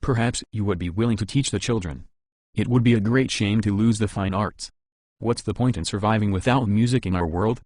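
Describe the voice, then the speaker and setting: A courteous male leader speaks in formal, polished phrases in an audiobook, voiced by the narrator. The voice is low and dry. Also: brisk, a little mellow, dry recording, lightly acted.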